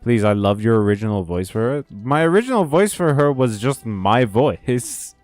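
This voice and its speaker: A man's voice: medium pitch, sing-song, normal speed, hardly any pauses, darkish tone, soft background music. A man streaming a game, chatting casually with viewers, joking and swearing as he plays. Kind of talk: casual gameplay commentary.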